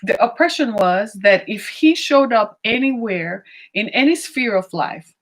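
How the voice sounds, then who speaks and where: A woman giving opinionated commentary, emphatic, asking rhetorical questions and slowing down on key points. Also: a little high, animated. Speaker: political commentator.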